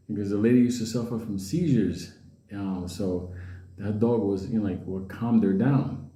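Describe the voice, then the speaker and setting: A man rambles casually through a comedic story, laughing at his own jokes and switching to high voices for the characters. He speaks briskly in a mellow voice, and the sound is reverberant.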